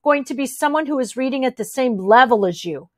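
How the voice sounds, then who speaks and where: A woman's voice: sits high, lively intonation, brisk, dry recording, studio quality. A woman voicing a patient, upbeat elementary teacher who speaks in an encouraging, sing-song way. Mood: teacherly.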